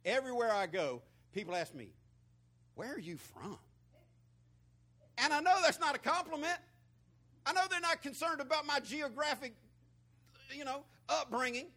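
A man's voice: very high voice, very animated, normal speed, pushed and bright. A man from Florida with a Southern twang, preaching a conversational sermon in a folksy, storytelling way full of repeated words. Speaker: pastor.

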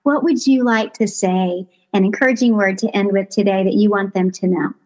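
A woman's voice: medium pitch, steady tone, fairly quick, poor audio. A woman hosting a casual podcast interview and wrapping it up with affectionate, encouraging words. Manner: warm, affectionate, wraps up with encouragement. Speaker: podcast host.

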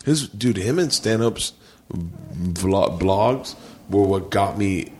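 A man hosting a casual podcast chat in a rented house, excitable, laughing often and tripping over his words. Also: low voice, takes it slowly, slight background noise. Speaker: podcast host.

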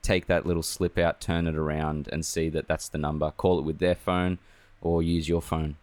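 A man with a very low voice chats in a relaxed way with his co-host. He nods along with short replies and then offers practical advice. The sound is close and dry. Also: normal speed, no room sound. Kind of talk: casual chat.

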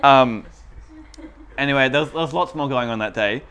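Young guy, casual storyteller, mid-pitched, laughs a lot. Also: moderate pace, a bit bright. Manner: laughs often while telling stories; chatty, self-deprecating storytelling. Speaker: podcast co-host. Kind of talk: casual chat.

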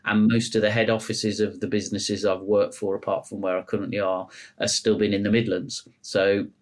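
A middle-aged man with a softened Black Country accent, a podcast guest who speaks in an earnest, reflective and steady way. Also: fairly low pitch, fairly quick. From Black Country, England. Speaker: guest, mortgage executive. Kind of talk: conversational podcast interview.

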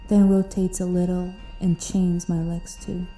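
A woman voices a chained prisoner recounting her pain, slow and monotone, with a dark, mellow tone. The room sounds echoey, with music faintly underneath. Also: fairly low pitch, natural voice. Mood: weary. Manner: slow, flat inner narration. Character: imprisoned woman narrating her own chaining. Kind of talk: audio drama narration.

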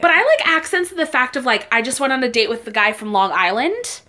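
A woman's voice: high voice, very animated, quick pace, sharp tone. A woman in casual group chat, telling dating stories full of filler words. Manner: storytelling, lots of "like" fillers.

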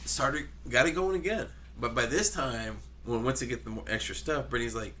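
A man in his own casual voice telling a rambling story to a friend, swearing freely and acting out the sounds of a machine. Middle pitch, with a faint hiss of noise under the recording. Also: a little fast, hardly any pauses. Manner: animated, swearing, imitates engine noises. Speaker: podcast co-host.

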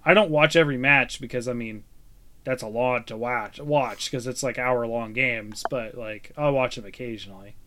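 A man with a bright, clean, clear voice co-hosts a relaxed gaming chat. He rambles enthusiastically and leans on fillers like "um" and "like." His pitch sits in an ordinary middle range. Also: normal speed. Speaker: podcast co-host.

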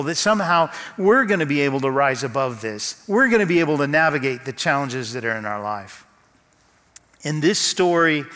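Male pastor, sermon delivery, dramatic pauses; slightly high pitch, long hall reverb. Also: fairly bright tone. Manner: storytelling, slow dramatic pauses.

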